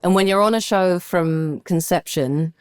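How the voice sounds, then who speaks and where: A middle-aged woman chats casually as a guest, animated and quick to slip into voices. Her voice sits a little low. The sound is dry and close. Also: clean tone, no room sound. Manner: animated storyteller, acts out voices. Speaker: guest actor. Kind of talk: casual chat.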